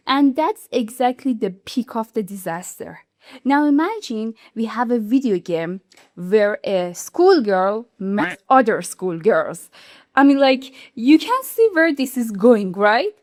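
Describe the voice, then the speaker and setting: A non-native English-speaking woman hosting a YouTube commentary, explaining in an animated, indignant way. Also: on the high side, a little slow, no echo, clean studio sound. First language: not English. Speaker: YouTube channel host. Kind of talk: video commentary.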